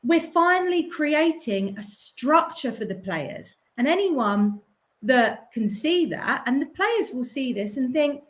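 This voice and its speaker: Lively British woman making her case. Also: sits high. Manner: animated, persuasive, fast bursts. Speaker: guest, professional pool player. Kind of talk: casual podcast chat.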